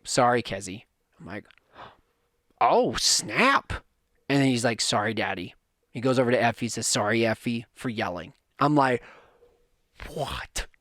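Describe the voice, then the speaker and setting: A man hosting a casual podcast and livestream, telling stories in an animated, chatty way and breaking off for asides to his chat. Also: medium pitch, dry recording, clean studio sound. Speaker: podcast host and father.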